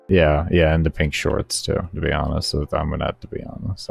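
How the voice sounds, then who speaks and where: A man's voice: a bass voice, fairly even intonation, fairly quick, creaky, few pauses, a little mellow. A male streamer in laid-back, slangy casual chat, talking to his viewers. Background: faint background music.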